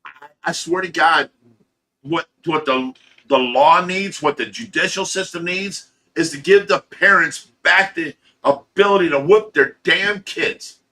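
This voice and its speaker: Livestream host, male, foul-mouthed ranting storyteller with a sharp, bright voice. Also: fairly high pitch, a little slow. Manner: blunt, profane storytelling with laughs; ranting, talks to chat commenters by name. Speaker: livestream host of a fish rescue channel. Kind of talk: casual livestream chat.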